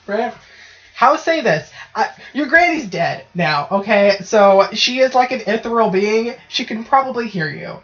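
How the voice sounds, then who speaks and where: In dull, lo-fi podcast audio with slight background noise, a female co-host banters casually, cursing freely and frequently asking "right?". Her voice is a little high, animated, and fairly bright, at a measured pace.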